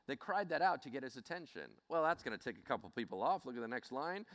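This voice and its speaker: Animated man preaching. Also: medium pitch, quick pace, hardly any pauses. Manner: animated, acts out scenes. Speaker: Bible teacher. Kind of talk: sermon.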